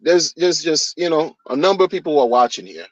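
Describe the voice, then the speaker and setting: A man giving an animated, mocking rant as a crypto vlogger, exasperated with his critics. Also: on the high side, fairly quick, dry recording. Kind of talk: ranting commentary. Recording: dull dry lo-fi recording.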